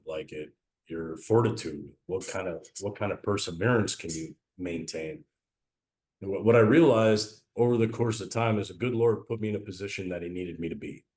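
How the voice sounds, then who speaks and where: A man with a very low, deep voice looks back on a long baseball career. He talks in an earnest, reflective way, mixing stories with his faith. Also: darkish tone. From Italian-American family. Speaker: baseball coach and former player. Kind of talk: casual interview conversation.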